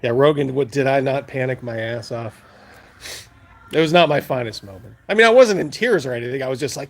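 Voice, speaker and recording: A man's voice: medium pitch, animated, fairly quick. A man hosting a live stream, casually telling stories to chat, rambling and laughing as he goes. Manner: rambling, laughing, acts out his own panic loudly. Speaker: livestream host.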